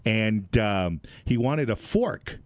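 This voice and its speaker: A man's voice: fairly low pitch, lively intonation, slow pace, a little mellow, no room sound. A man co-hosting a radio show, chatting casually and telling jokey stories with lots of expression.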